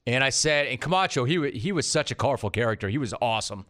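A sports talk radio host with a bright, forceful voice. He banters in a quick, wisecracking way and jokes about callers before he turns to his guest. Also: mid-range voice, expressive.

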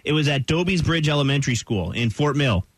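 A man's voice: a little high, expressive, brisk, slightly rough, no echo. Guy hosting morning radio, chatty and laughy, dead dry studio mic. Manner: laughs easily, tells anecdotes with quoted voices. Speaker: radio show host. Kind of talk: casual morning radio chat. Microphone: studio microphone.

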